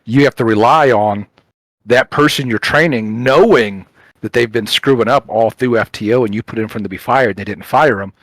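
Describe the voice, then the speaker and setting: A man telling stories on a podcast, lively and animated, acting out what people said with lots of fillers. His voice sits at a middle pitch and is recorded close on a dry mic with no room sound. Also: brisk, no room sound, rough recording. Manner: animated storytelling, acts out quotes, frequent "like" fillers. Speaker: podcast co-host, police officer. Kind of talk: casual chat, storytelling.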